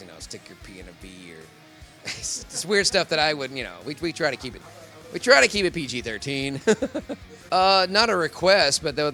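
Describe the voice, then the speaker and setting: A man's voice: medium pitch, pushed and bright. A man who works as a professional voice actor, talking in a casual convention interview, rambling and laughing often.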